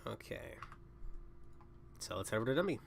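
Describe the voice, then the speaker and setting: A man's voice: lowish voice, big pitch swings, moderate pace, gravelly, noisy background. Sick young man, rambling stream chat. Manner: rambling, self-interrupting. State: sick, coughing. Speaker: livestreamer. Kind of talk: casual gaming livestream chat.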